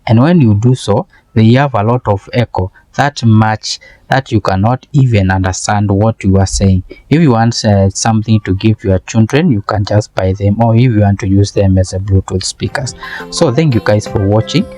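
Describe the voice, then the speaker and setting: Hesitant low-voiced man demoing a gadget. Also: moderate pace, dark tone. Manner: hesitant, repeats words while explaining step by step. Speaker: product reviewer. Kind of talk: casual product demo and review. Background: faint music playing.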